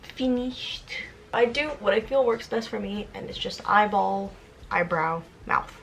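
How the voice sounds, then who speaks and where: A woman's voice: mid-range voice, unhurried, creaky, fairly bright tone, slight background noise. A woman in her twenties chatting casually while doing her makeup, rambling and self-deprecating. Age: 20s. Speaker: vlogger. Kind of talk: casual get-ready-with-me chat.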